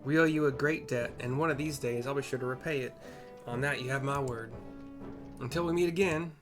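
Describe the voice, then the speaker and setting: A man's voice: medium pitch, fairly quick, over music, lightly acted. A man voicing an earnest, resolute young gunslinger leader in a game story.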